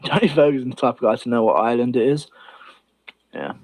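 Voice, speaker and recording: A man's voice: medium pitch, a little fast, darkish tone. A man from Britain, chatting casually on a livestream with rambling, profane opinions. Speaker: stream host.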